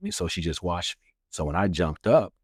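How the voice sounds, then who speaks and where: A man's voice: deep voice, sing-song, a little fast, husky, no echo, clean studio sound. A man, an author and guest, earnestly telling a personal testimony in a casual interview, acting out the lines of people he quotes. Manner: earnest storyteller who acts out quoted lines; many fillers and restarts.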